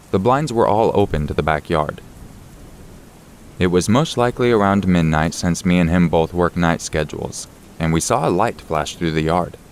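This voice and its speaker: A man reading true scary stories aloud as a steady, measured narrator. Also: low voice, slight background noise. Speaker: horror story narrator. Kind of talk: scripted narration of reader stories.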